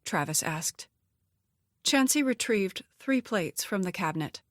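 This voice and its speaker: A woman reading a novel aloud as an audiobook narrator, in an even, measured storytelling voice. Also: medium pitch, no echo, clean studio sound. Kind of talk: scripted narration.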